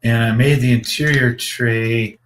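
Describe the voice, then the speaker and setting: A man chatting casually on a livestream about his hobby builds. He rambles, restarts his sentences, swears freely and chuckles at his own jokes, in a voice of ordinary middle pitch. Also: steady tone, a little slow, a bit bright, slight background noise. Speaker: slot car builder and show host.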